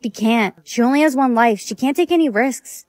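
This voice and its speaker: High-voiced woman in dry, close comedy skits. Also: normal speed, darkish tone, no room sound. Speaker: skit creator. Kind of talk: comedic POV skit acting.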